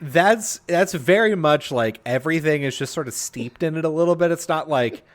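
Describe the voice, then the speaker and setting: A man co-hosting a podcast in casual chat, animated and quick to laugh, full of fillers and restarts. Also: on the high side, background noise. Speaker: podcast co-host.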